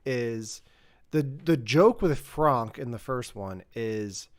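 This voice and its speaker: A man's voice: medium pitch, lively intonation, slow pace. Man, podcast co-host, casual chat, rambling, self-correcting.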